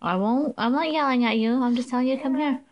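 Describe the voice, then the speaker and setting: A woman's voice: sits high, quick pace, dull audio. A woman filming her children at home on a handheld camera, speaking in cooing, sing-song baby talk. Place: at home, indoors.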